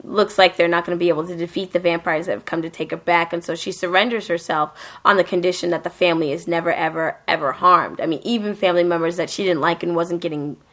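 A young woman co-hosting a casual chat about anime, animated and profane, acting out characters as she recaps. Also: lowish voice, quick pace, hardly any pauses.

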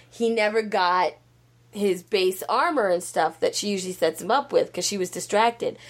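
A woman chatting casually and rambling a plot summary, full of fillers. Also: medium pitch. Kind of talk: casual chat.

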